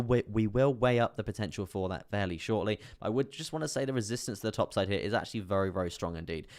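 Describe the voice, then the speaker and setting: Male live stream host, deep voice, casual and repetitive chart talk. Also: no room sound, clean studio sound. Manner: repetitive, reassuring, chatting with viewers.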